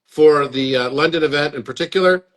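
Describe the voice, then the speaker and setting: On a live stream picked up by a phone or webcam, a man with a somewhat high voice hosts a chat at a brisk pace. He comes across as earnest and inviting, frequently repeating words as he goes.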